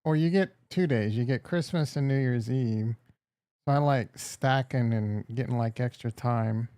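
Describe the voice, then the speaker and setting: A man's voice: medium pitch, unhurried, mellow, smooth, no room sound. A man hosting a casual livestream, rambling and crude as he jokes with his chat. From Upper Midwest. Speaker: livestream host.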